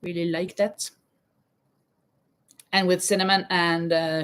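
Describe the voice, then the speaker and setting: Slow-talking woman. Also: on the low side, fairly even intonation, clear, resonant tone. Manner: chatty, reads viewer comments aloud, often laughs. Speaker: livestream host. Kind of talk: casual live chat while crocheting. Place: home in Spain.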